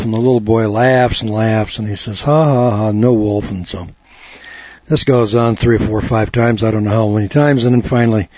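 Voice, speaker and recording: A man's voice: fairly low pitch, a little mellow, husky, no echo. A middle-aged man giving a talk radio monologue in a folksy, sarcastic way, full of rhetorical questions. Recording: dull lo-fi dry recording.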